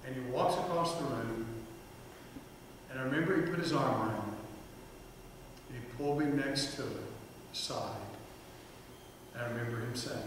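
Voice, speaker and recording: A man in a big church hall tells a funny personal story and keeps turning to ask the crowd questions. His voice sits at an ordinary middle pitch and carries a long, ringing echo. He is heard from across the room over a steady hum of background noise. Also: normal speed, long pauses, far from the mic. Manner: humorous, anecdotal, addresses the audience directly. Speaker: church speaker.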